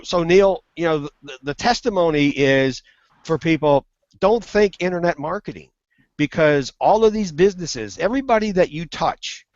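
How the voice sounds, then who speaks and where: A man telling a funny business story on a web hangout, animated and acting out the quoted voices. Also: on the high side, no room sound. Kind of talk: casual storytelling. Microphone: video call. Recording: muffled web call audio.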